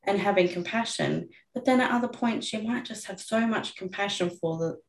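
A woman's voice: medium pitch, moderate pace. A woman in her thirties, a mother and coach, talking frankly and reflectively as a podcast guest, swearing casually. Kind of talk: candid podcast conversation. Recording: roomy echo.

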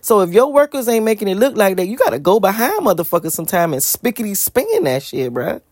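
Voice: medium pitch, sing-song, quick pace, dry recording, studio quality. An adult vlogger with school-age kids, talking bluntly and profanely in a casual storytelling monologue, repeating words for emphasis.

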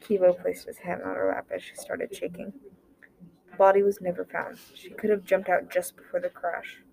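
A woman reading an original short story aloud, voicing the dialogue herself and dropping to a near-whisper in quiet moments. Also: lowish voice, level tone, moderate pace, gravelly, poor audio. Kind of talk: amateur story narration with dialogue.

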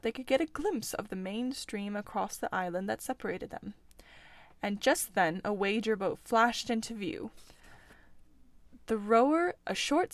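A woman reading a classic storybook aloud in a steady, expressive narration. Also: fairly high pitch, no echo. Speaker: audiobook reader.

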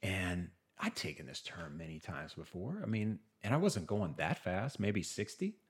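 A man tells a personal story on a podcast in a casual, animated way, with a voice that swings widely up and down. He often trails off, restarts sentences, and slips into acting out other people's words. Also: low voice, moderate pace. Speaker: podcast guest.

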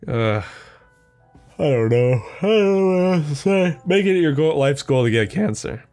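A man's voice: a little high, expressive, moderate pace, mellow, faint music behind. Rambling, profane young man laughing at himself. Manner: rambling and profane, laughs at his own jokes. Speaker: podcast host. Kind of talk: casual solo podcast monologue.

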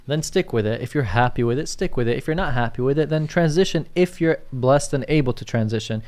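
A man's voice: medium pitch, fast talker, darkish tone. A man co-hosting a podcast in casual chat, reading out listener questions and checking in with "you get what I'm saying?". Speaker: podcast co-host, commercial real estate agent.

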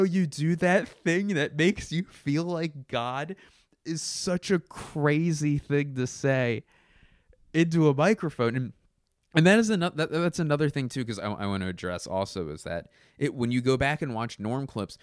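A man in casual chat, rambling and animated, full of fillers and restarts. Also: medium pitch, moderate pace, dry recording, clean studio sound.

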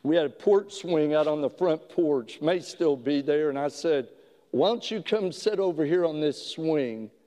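Slow-talking pastor in a reverberant hall. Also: male voice, a little high, mellow. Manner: slow, halting storytelling with many restarts. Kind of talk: sermon storytelling.

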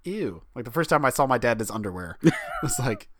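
A man's voice: mid-range voice, fast, noisy background. A father chatting casually on a podcast, telling family stories with frequent laughter. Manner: animated, laughing storyteller. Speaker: podcast co-host. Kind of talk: casual comedic chat.

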